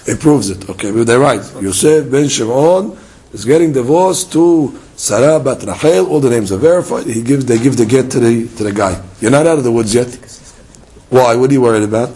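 A man's voice: mid-range voice, brisk, husky, poor audio. Guy teaching talmud, acts out the back and forth, keeps asking so what, how do you know. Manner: lively, acts out dialogue and fires rhetorical questions. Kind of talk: Talmud study lesson.

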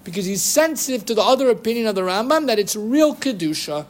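A man giving a lively lecture on Jewish law, quoting rabbinic sources and chanting Hebrew phrases. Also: high-pitched, quick pace, a little hiss or hum. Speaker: Torah teacher. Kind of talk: halachic lecture.

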